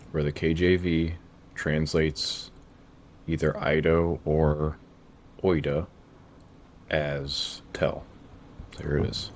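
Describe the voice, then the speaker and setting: A man doing a Bible word study over his screen, dryly opinionated and slowing down to read verses aloud. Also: rumbling low, a little mellow, slight background noise. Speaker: Bible study video creator.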